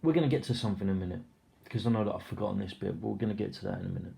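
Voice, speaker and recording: A young man giving a casual, rambling film review, excitable and full of swearing and filler words. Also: low-pitched, racing, creaky.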